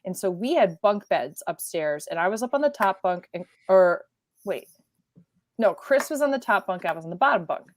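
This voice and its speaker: A woman from New York State co-hosting a podcast, telling lively stories in a casual chat and acting out the quotes. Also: mid-range voice, moderate pace. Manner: animated storyteller, acts out quotes. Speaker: podcast co-host.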